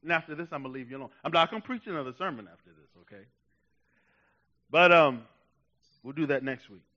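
A man preaching a sermon with passion, dropping to a hush and then rising to shouts, urging his listeners on. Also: a little high, quick pace, dull audio. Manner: impassioned preaching, swinging from hushed to shouting. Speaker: pastor.

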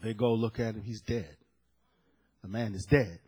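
A man's voice: lowish voice, normal speed, slightly rough. A male preacher delivering a sermon, emphatic and dramatic, repeating key phrases for effect. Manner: dramatic storytelling with sudden loud peaks.

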